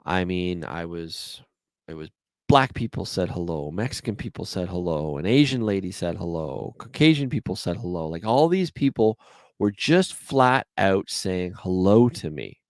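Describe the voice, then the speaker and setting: A man's voice: fairly low pitch, very animated, moderate pace, no echo. A man with a Canadian accent hosting a podcast alone, telling stories in a chatty, rambling way. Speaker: podcast host. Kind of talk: solo podcast chat.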